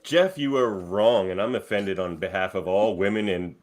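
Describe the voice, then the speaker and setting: A man's voice: low voice, moderate pace. A man arguing bluntly in a casual comedy debate podcast, peppering his talk with "like" and dismissing the other answers. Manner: blunt, dismissive, filler 'like' often.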